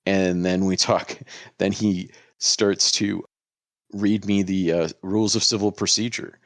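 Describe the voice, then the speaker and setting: A man's voice: deep voice, unhurried, no room sound, clean studio sound. A man, a lawyer, telling a story on a casual podcast and acting out the lines people said. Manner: animated, acts out quoted lines.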